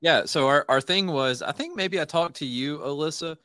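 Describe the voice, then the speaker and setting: A man's voice: a little high, normal speed, pushed and bright, smooth, no echo. A man hosting a casual interview podcast, talking loosely with lots of fillers and restarts. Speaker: podcast host.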